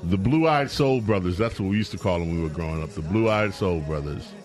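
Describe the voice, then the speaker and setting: A man's voice: low voice, brisk, soft background music. A man hosting a call-in radio talk show, with playful, upbeat announcer patter, on a studio microphone.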